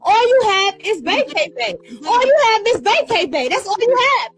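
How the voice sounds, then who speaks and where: A woman's voice: extremely high pitch, sing-song, normal speed, pitched above the performer's own voice. A woman mimicking a taunting woman who mocks a rival in a repetitive sing-song.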